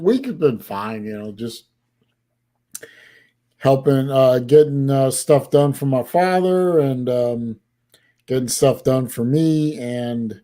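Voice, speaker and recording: Male stream host, casual, halting and restarting, middle-pitched voice. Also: mellow. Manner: halting, many restarts while fiddling with an app. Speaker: livestream host. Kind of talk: casual chat.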